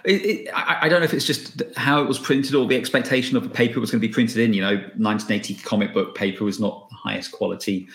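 A man guesting on a podcast, talking in a relaxed, rambling way about a comic book. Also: medium pitch, quick pace, few pauses, roomy sound. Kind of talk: casual podcast chat.

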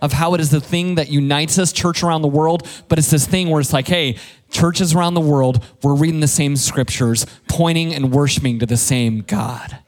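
A man in his thirties preaches from the pulpit like he is chatting with friends. His fairly high voice moves between playful asides and earnest points, full of jokes at his own expense. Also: moderate pace, darkish tone. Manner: conversational, playful storytelling with self-deprecating jokes. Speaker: pastor. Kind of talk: sermon.

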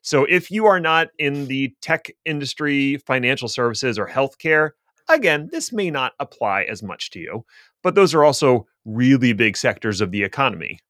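Podcast co-host, male, mid pitch, explanatory with wry asides, dry close-mic sound. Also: sing-song, moderate pace, a bit bright, no room sound. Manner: dry self-deprecating humor, explanatory. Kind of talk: casual tech podcast chat.

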